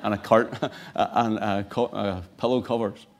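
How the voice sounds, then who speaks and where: A man preaching a sermon, swinging between quiet, low lines and loud, emphatic bursts. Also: fairly even intonation, a little slow.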